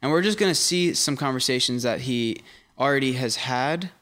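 A man's voice: medium pitch, a bit bright. Joking young man trading crude banter. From United States. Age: 20s. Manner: crude jokes, quick banter, repeats partner's words. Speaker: podcast co-host. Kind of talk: casual chat.

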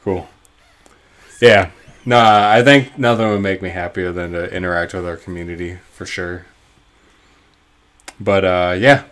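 A man's voice: low voice, fairly even intonation, a little slow, long pauses, fairly bright tone. A man co-hosting a podcast, talking in a laid-back casual way and swearing now and then. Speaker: podcast co-host. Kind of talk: casual chat.

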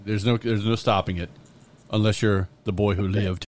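A man's voice: lowish voice, fairly even intonation, normal speed, darkish tone. A man hosting a podcast in casual chat who jokes around and rambles through playful asides. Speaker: podcast host.

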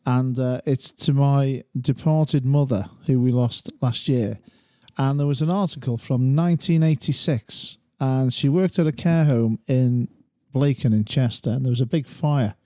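A man talks in a calm, measured way on a casual panel. His voice is mellow and dark, recorded dry and close. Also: medium pitch, no room sound. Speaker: regular panelist. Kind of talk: casual chat.

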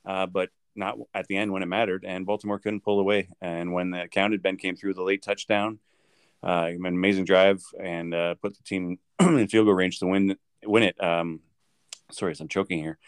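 A man co-hosting a podcast, chatting about football in a lively, joking way and laughing often. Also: deep voice, normal speed, smooth, no echo, studio quality. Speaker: podcast co-host. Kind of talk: casual sports chat.

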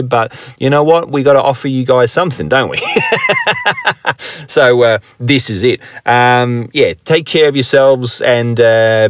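A man with a fairly low voice hosts a solo podcast from his car, casually spinning a crude, meandering, joke-filled story punctuated by frequent laughter. The sound is clean studio quality, with no room sound.

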